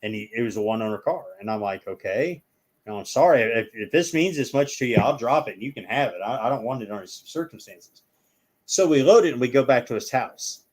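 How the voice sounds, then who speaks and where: A man's voice: mid-range voice, animated, a little fast. A man with an ordinary mid-range voice spins long stories as a guest in a casual chat. He rambles from one detail to the next and acts out what each person said.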